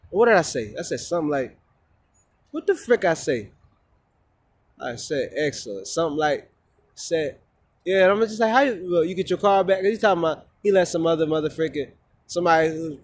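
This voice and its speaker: A man with a fairly high-pitched voice rants casually into a phone camera while outdoors. He rambles, swears freely and says his phrases twice over. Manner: rambling, profane, repeats himself. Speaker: vlogger.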